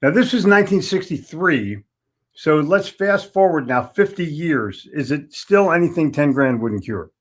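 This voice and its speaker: A man's voice: a little high, expressive, unhurried. A man in his seventies from Philadelphia, a sales trainer giving a folksy, blunt motivational talk and hammering points home by repeating words. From Philadelphia, United States. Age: 70s.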